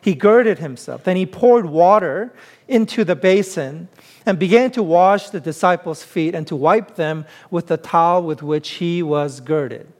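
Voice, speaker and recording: A man with a high-pitched voice delivering a sermon as a pastor. He talks in a conversational, emphatic way and leans into plain everyday examples. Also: measured pace, darkish tone. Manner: conversational, emphatic preaching with self-deprecating humor.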